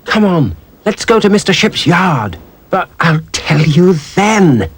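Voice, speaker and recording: A man's voice: high voice, very animated, slow, husky, pitched above the performer's own voice, heavily acted. A man voicing a bossy little girl who loves secrets.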